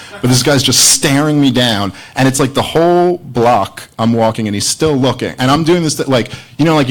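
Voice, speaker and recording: A man's voice: mid-range voice, poor audio. A man doing a stand-up comedy set, rambling and self-mocking as he tells a story to a live audience. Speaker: stand-up comedian opening a debate. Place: live venue with audience laughter.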